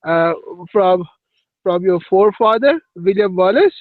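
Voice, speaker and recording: Very high-pitched guy hosting voice chat, slow and playful, dry muffled lo-fi. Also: expressive, dry recording. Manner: playful, self-mocking. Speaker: host. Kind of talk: casual voice-chat banter.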